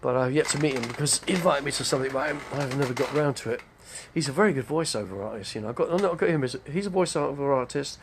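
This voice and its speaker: A man's voice: mid-range voice, quick pace, hardly any pauses, slight background noise. An older man, rambling casually on a live stream, chatty and digressive. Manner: chatty, digressive, name-dropping.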